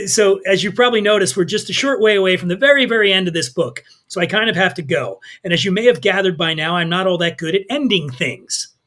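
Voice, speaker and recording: A man guesting on a podcast, chatting casually and reading from his own book with lively, irreverent delivery. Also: high-pitched. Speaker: podcast guest, drinks writer.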